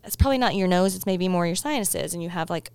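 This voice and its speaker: A woman's voice: fairly low pitch, animated, quick pace, creaky, a little mellow, smooth, dry recording. A woman in her thirties, co-hosting a casual chat, telling a story and quoting her kids' lines, with frequent laughs. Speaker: podcast co-host.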